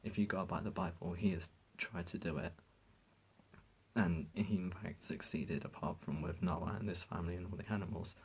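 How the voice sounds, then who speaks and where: A man's voice: low voice, fairly even intonation, a little fast, breathy edge, rough recording. A man vlogging to his viewers, speaking in an impassioned, indignant rant that halts and restarts as he gets emotional. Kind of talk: emotional talk to camera.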